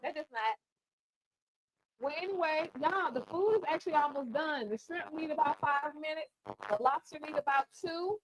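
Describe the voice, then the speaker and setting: A woman's voice: high voice, normal speed, poor audio. A woman chef hosting a casual cooking show, chatting playfully and teasing her guests while she cooks. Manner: playful, teasing, Southern-style slang. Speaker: chef and podcast host.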